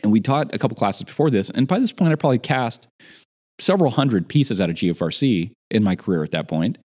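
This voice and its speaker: A man in casual chat, telling an animated story about a job gone wrong. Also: mid-range voice, fast. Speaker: podcast guest.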